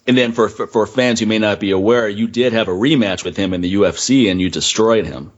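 A man's voice: on the low side, fairly quick, highs cut off. A man hosting a casual interview, asking friendly questions and recapping his guest's stories. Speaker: podcast host.

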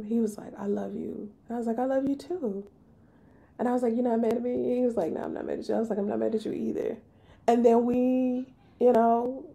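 A woman, hosting a podcast and telling a personal story in an animated, emphatic way. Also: on the high side, creaky. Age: 30s. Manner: animated, emphatic, slips into voicing others. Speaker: podcast host.

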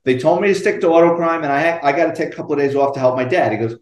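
A retired police detective, telling animated, profane stories in a podcast interview and acting out the quotes. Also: male voice, mid-range voice, fast talker, few pauses, roomy sound. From New York.

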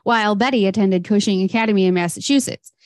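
A woman's voice: mid-range voice, quick pace, a little mellow, no room sound, studio quality. A woman co-hosting a podcast, recounting a life story in a casual, chatty way with fillers. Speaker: podcast co-host. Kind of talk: casual history chat.

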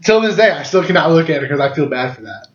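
A man's voice: fairly high pitch, animated, fast talker, over a noisy crowd. A man in his twenties, co-hosting a casual chat, telling stories with lots of laughter and swearing. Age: 20s. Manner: laughing storyteller, swears freely. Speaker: podcast co-host. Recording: echoey room, dull lo-fi sound.

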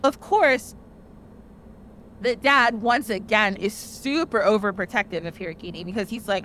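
A young woman hosting a podcast, casually retelling an old tale in a chatty, animated way with lots of "like" fillers. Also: medium pitch, normal speed, a little hiss or hum. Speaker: podcast host. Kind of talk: casual storytelling.

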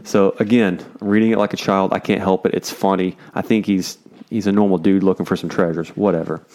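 A man's voice: sits low, flat delivery, brisk, darkish tone. A man casually teaching through a Bible chapter, joking and paraphrasing in laid-back slang.

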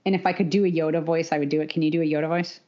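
A woman co-hosts a casual podcast, speaking in a somewhat low voice. She is an animated, opinionated running coach who laughs often. The audio is dull and lo-fi. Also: racing.

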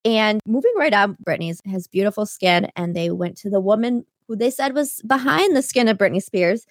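A woman's voice: medium pitch, lively intonation, moderate pace, no echo, clean studio sound. A woman co-hosting a podcast in casual chat, recapping with wry asides. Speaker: podcast co-host.

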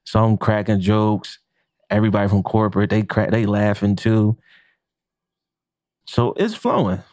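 A man with a low voice tells a chef's story on a podcast, casual and full of swearing. He acts out bits of talk with a laugh. The sound is dry and close. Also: measured pace, no room sound. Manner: animated, profane, acts out quotes with laughs. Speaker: chef and podcast co-host.

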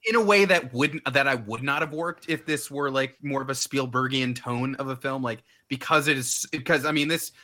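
Guy talking movies, bright sharp voice, keeps repeating words. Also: medium pitch, normal speed, hardly any pauses. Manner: repeats words as he gathers thoughts. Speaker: podcast co-host. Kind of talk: casual movie discussion.

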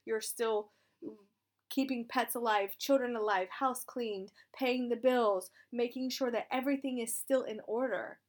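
A woman in her thirties, a military spouse with a hoarse, raspy voice, talking casually and frankly, encouraging listeners and swearing now and then. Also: a little high, unhurried. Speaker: military spouse sharing advice. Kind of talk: casual direct-to-camera talk.

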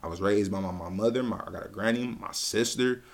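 Low-voiced man, relaxed podcast co-host. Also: brisk, gravelly. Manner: relaxed, joking, talks through his points at length. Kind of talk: casual chat.

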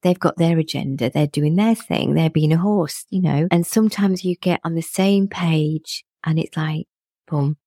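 A middle-aged woman with a low, warm voice and a gravelly edge, chatting reflectively as a guest. She laughs often while she talks. The sound is dry and close. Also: moderate pace, no room sound. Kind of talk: casual conversational chat.

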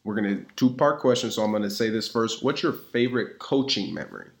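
A man hosting a casual interview, asking questions in a relaxed, easygoing way. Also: on the low side, fairly quick, vocal fry. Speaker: podcast host.

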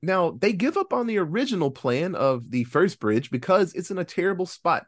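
A man casually recapping a film on a podcast, his voice sitting a little high and swooping all over as he narrates. He acts out the characters' lines in quick asides. He cheers sarcastically and swears offhandedly as the story builds. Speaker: podcast co-host reviewing a film.

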